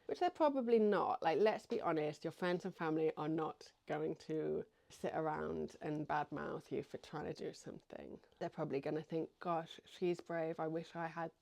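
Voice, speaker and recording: Chatty English woman, lowish voice. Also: moderate pace, vocal fry, a little mellow. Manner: chatty, lots of "like" and "you know". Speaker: small business owner vlogger. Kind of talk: casual chat to camera.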